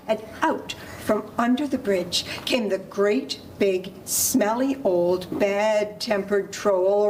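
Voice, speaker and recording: A woman storyteller performing a folk tale for children, animated and inviting the audience to join in. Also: mid-range voice, takes it slowly, hardly any pauses, a little hiss or hum. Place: library storytelling event.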